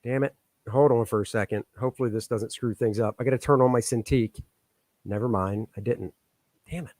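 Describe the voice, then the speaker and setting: A man's voice: mid-range voice, fairly quick, darkish tone, dry recording. Joking man chatting on a live stream. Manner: joking, chatty, muttering while fixing his settings. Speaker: comic artist hosting a live stream. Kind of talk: casual live-stream chat. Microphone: microphone on a stand.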